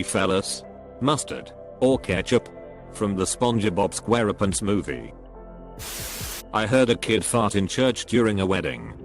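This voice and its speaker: A man with a fairly low voice reads out one short story after another in a steady, even narration. Soft music plays quietly behind him the whole time. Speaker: narrator reading online stories. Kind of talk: scripted narration. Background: faint background music.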